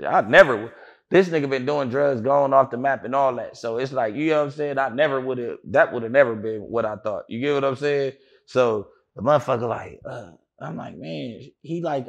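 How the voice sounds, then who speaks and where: A man's voice: medium pitch, moderate pace, vocal fry. A man being interviewed, telling a long story in a rambling way, full of fillers and restarts, and acting out what others said. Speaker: interview guest. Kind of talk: casual storytelling.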